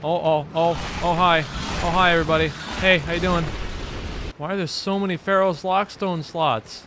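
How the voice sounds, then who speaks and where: Casting: young male let's player, slightly high voice, excitable sarcastic trash talk, noisy background. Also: normal speed. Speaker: gaming video host. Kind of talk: let's play commentary.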